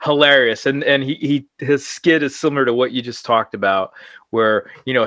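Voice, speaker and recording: A man's voice: mid-range voice, moderate pace, bright, forceful tone, no echo, clean studio sound. A man co-hosting an aviation podcast, a pilot, chatting casually and joking along with the host. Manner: laughing, teasing banter. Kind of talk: casual chat.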